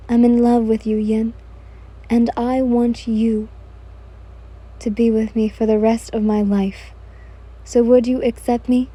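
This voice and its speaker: Woman voicing Rengoku, loud devoted swordsman. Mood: earnest. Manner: booming, earnest declarations. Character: ardent young male demon slayer, loud and devoted.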